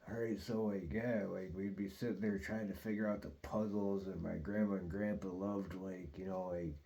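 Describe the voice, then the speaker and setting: A man with a very deep voice rambles through a story, cursing freely and dropping "dude" and "like" everywhere. His tone is dark and relaxed, with the loose flow of casual storytelling. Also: normal speed, gravelly. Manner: profane, loose, peppered with "dude" and "like"; rambling and animated in retelling. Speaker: host.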